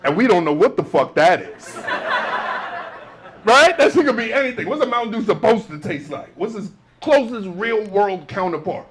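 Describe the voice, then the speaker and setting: A man performs stand-up on a club stage. His voice sits high for a man. He is animated, jumping into loud acted-out outbursts. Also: moderate pace. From New York. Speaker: stand-up comedian. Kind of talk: stand-up comedy set.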